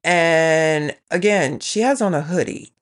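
A woman's voice: deep voice, slow pace. A middle-aged woman telling a rambling everyday story in a casual vlog, often quoting herself. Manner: chatty, rambling, quotes herself and her daughter. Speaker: vlogger.

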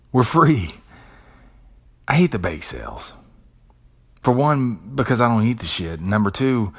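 A man's voice: mid-range voice, husky. A man hosting a podcast who talks in a casual, conversational way, swears freely and often repeats words as he tells a story. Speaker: podcast host. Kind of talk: casual monologue.

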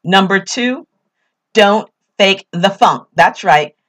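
A woman's voice: medium pitch, animated, slow pace, fairly bright tone. A woman with a New York accent hosting a podcast, giving casual tips in an upbeat, emphatic way and repeating her key phrases. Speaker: podcast host.

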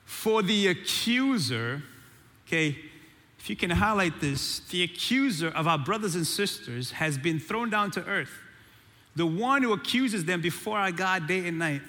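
A man preaching a sermon in an animated way, calling out to the congregation. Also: high-pitched, measured pace, big-room sound. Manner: animated preaching with call-and-response. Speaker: pastor.

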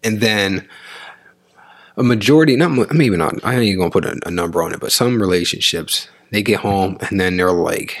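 Husky-voiced man chatting about love. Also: low voice, moderate pace. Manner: animated, acts out quoted voices while explaining. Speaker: podcast co-host talking with his partner. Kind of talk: casual relationship chat.

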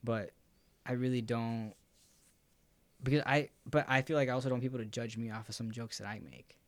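In a loose podcast conversation, a young man rambles along in a relaxed way, leaning heavily on fillers. His voice is medium in pitch and fairly quick, captured in a dry recording.

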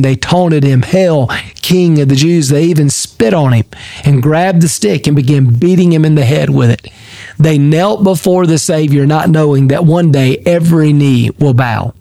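A man's voice: a little high, vocal fry, dark tone, no echo. A man, a pastor, giving a heartfelt devotional Bible teaching and leading a prayer in an earnest, emphatic way. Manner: leads a prayer aloud.

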